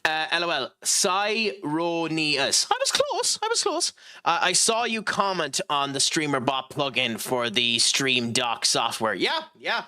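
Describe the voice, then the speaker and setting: A man's voice: on the high side, huge pitch swings, a little slow, bright, forceful tone. An Irish man streaming a game, talking casually and rambling with lots of ums and restarts while he chats with his viewers. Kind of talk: casual gameplay commentary and chat reading.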